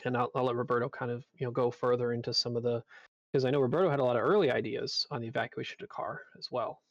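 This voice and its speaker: A man's voice: medium pitch, fairly even intonation, rapid-fire, no room sound, muffled recording. A man explaining game design choices on a panel, rambling with many fillers. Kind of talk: casual panel talk.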